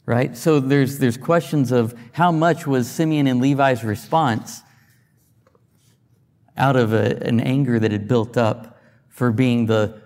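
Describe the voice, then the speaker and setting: A man's voice: mid-range voice, darkish tone. Man preaching in a reverberant hall. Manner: conversational teaching with rhetorical questions and restarts. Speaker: pastor. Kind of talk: sermon. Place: church sanctuary.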